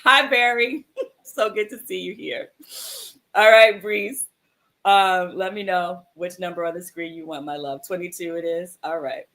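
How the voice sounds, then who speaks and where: A woman hosts a livestream about mindfulness, chatting casually and encouragingly with viewers she affectionately calls "my love" and "sis." She speaks at a measured pace in a lowish, slightly bright voice.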